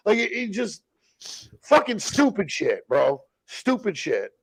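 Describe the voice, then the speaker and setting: A man telling rough stories as a podcast guest, in blunt, profane street slang. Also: high voice, wildly swooping pitch, slow pace. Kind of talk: casual storytelling.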